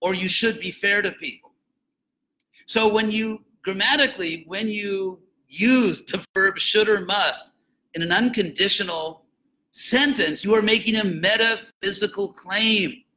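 Bright, animated older male lecturer. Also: sits high, unhurried, low-quality recording. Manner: conversational, jokey asides, animated emphasis. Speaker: spiritual teacher giving a talk. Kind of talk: informal lecture to students.

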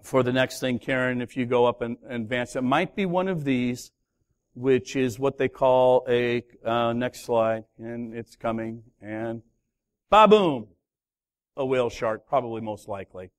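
A pastor preaching a sermon, telling a story with lively, acted-out voices of its characters. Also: male voice, medium pitch, moderate pace. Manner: animated storytelling, acting out voices of the sailors. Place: church hall.

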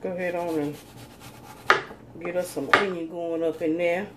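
A woman's voice: on the low side, steady tone, moderate pace, heavy background noise. A woman, chatting folksily to viewers as she demonstrates cooking in her home kitchen. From North Carolina, USA. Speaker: cooking channel host.

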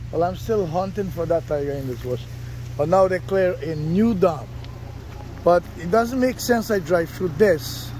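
A man vlogging outdoors in the bush, chatting enthusiastically to his viewers while driving. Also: sits high. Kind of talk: casual vlog narration. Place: outdoors in rural bush, often driving a vehicle. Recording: outdoor recording with loud engine and wind noise.

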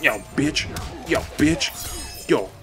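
A young man hosting his gaming channel, commentating live ranked matches with constant profanity and excitable trash talk aimed at his opponents. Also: a little high, extremely slow, over music.

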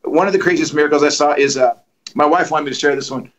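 A middle-aged man preaching, telling testimony stories in an animated way and acting out the dialogue. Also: a little high, fast talker, low-quality recording. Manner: animated, acts out dialogue with lively voices. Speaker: guest preacher. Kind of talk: storytelling testimony.

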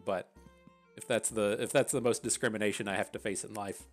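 A man's voice: lowish voice, fairly even intonation, brisk, faint music behind. A man from West Virginia with a thick Appalachian accent, chatting casually and rambling through gameplay commentary, swearing freely. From West Virginia, USA. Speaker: gaming channel host.

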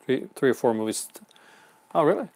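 A man's voice: medium pitch, animated, brisk, a little mellow. A man hosting a live unboxing stream in casual chat, rambling and chuckling often. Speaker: host.

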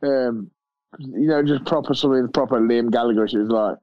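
A man's voice: medium pitch, a little fast, no room sound, highs cut off. A male boxer guesting on a podcast, talking casually, blunt and swearing, laughing easily. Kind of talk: casual chat.

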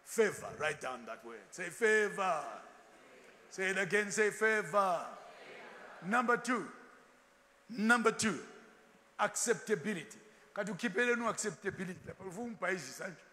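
A man preaches with a high, lively voice that swings widely in pitch. His tone is bright and forceful. The long echo of a large church hall trails behind his words. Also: moderate pace, pauses often. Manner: animated, switching into Ndebele asides and acted quotes. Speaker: pastor. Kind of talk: sermon.

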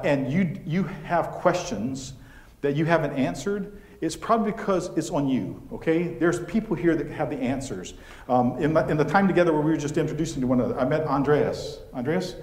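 Chatty man giving a keynote in an echoey hall. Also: on the high side. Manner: storytelling, animated, chatty with fillers. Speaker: keynote speaker. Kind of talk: conference keynote talk. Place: conference venue.

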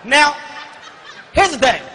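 A man performing a stand-up comedy routine, telling a story animatedly and often shouting, recorded live on stage. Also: extremely high pitch, very animated, takes it slowly, long reverb tail, a little hiss or hum. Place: comedy stage before large audience.

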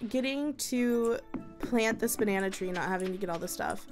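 Chatty young woman gamer, kinda high voice, gets super excitable. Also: normal speed, soft background music. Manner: bubbly, excitable, chatty, talks to her viewers. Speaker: gaming video host. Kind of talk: casual gameplay commentary.

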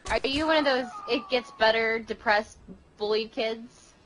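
A woman's voice: a little high, unhurried, a bit bright, slight background noise, low-quality recording. Teasing woman in her twenties. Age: 20s. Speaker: online game player. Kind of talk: online game voice chat.

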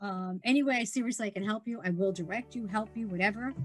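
A middle-aged woman telling stories in casual conversation, animated and laughing often, acting out the people she quotes. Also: mid-range voice, fast talker, soft background music. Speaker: guest entrepreneur.

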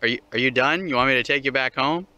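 Speaking quickly in a bright, forceful, mid-range voice, a young male vlogger rants on a dog walk outside. He swears constantly, mocks freely and keeps laughing at it all.

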